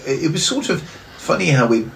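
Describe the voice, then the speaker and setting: A man chatting as a podcast guest, halting and repeating words as he recalls things. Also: a little high, big pitch swings, creaky, a little hiss or hum. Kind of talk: casual chat.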